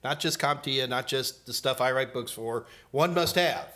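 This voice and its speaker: A man's voice: mid-range voice, normal speed, bright, forceful tone. A man in his sixties hosting a casual live Q&A about IT certifications, joking and trailing off mid-sentence. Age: 60s. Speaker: host, IT certification trainer.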